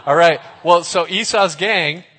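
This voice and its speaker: Playful preacher man, animated and audience-involving, a bit high-voiced, long hall reverb. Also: measured pace, a little hiss or hum. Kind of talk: lively youth sermon.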